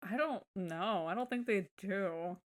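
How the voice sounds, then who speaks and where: A woman co-hosting a casual podcast, recapping a show with dry, annoyed remarks and quick mimicry. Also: medium pitch. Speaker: podcast co-host.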